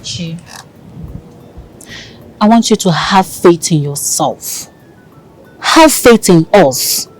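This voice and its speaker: A woman's voice: fairly low pitch, expressive, very slow, pauses often, soft background music, rough recording. An actress with a Nigerian accent playing a devoted young heiress who reassures her lover in a film drama. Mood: tender. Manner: tender, reassuring, shifts into pidgin.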